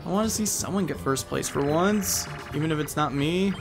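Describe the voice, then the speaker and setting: Let's-play commentator: male, slightly high, rambling and jokey, game music underneath. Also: a little fast, vocal fry. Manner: rambling, chatty, jokey, breaks into silly voices.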